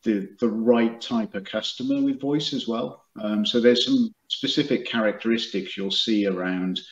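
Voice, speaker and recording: A man, a company executive, explaining his business in an interview over a video call, with many fillers and restarts. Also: on the low side. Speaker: guest, product and marketing executive. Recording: echoey room, dull lo-fi sound.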